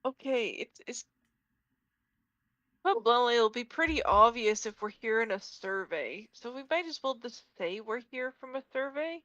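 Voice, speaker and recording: A woman playing in a tabletop game, thinking out loud in casual table talk. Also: on the high side, expressive, unhurried. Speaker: player. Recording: dull, dry lo-fi audio.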